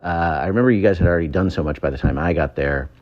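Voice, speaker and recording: A former show writer tells a rambling, casual anecdote in a phone voice memo, full of ums and chuckles. His deep voice races along, and the audio sounds dull.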